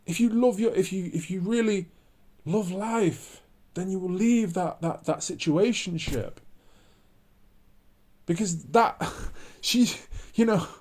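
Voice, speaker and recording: A man's voice: sits high, slow pace, long pauses, darkish tone. A man ranting to camera in a preachy monologue, repeating his points with emphasis. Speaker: vlogger.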